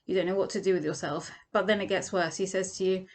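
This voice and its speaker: A woman's voice: lowish voice, fairly even intonation, quick pace. A woman teaching a Torah lesson as a vivid second-person story, acting out the quoted lines.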